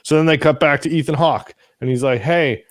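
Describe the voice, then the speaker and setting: A man's voice: on the high side, steady tone, quick pace, dry recording, clean studio sound. A man co-hosting a casual show recap, retelling scenes with mocking voices and casual swearing. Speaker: podcast co-host.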